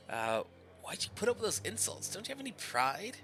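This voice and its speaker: A man's voice: sits high, big pitch swings, fairly quick, fairly bright tone. A male streamer reading a video game's text aloud and chatting casually, with chuckled asides and slight stumbles. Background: faint background music.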